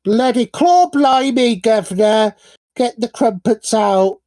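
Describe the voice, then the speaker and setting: A man putting on a mock posh British gentleman voice, cheery and full of clichés, with an exaggerated put-on British accent. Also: very high voice, takes it slowly, no echo, clean studio sound, pitched above the performer's own voice.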